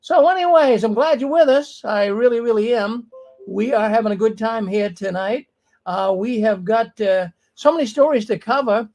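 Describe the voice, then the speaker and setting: Male livestream host, casual emphatic commentary, fry in the voice. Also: high voice, moderate pace, darkish tone, poor audio. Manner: emphatic, talks straight to the viewers. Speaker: livestream news show host. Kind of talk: casual live commentary on news.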